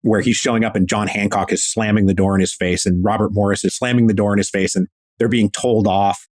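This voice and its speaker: A man's voice: on the low side, steady tone, brisk, a little mellow, no echo. A man guest historian telling a story in a casual, enthusiastic, slangy way, acting out quotes.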